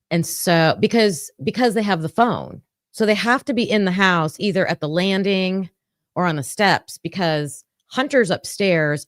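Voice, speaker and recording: Slow low-voiced woman. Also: clean tone, no room sound, studio quality. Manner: thinking aloud with fillers, reading notes. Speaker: true crime commentator. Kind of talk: casual commentary livestream.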